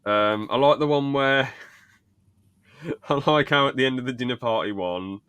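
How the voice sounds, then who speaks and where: A young man with a medium-pitched, slightly bright, clear and resonant voice speaks at normal speed with no echo. Co-hosting a podcast, he casually rambles through sitcom scenes, laughing as he retells them.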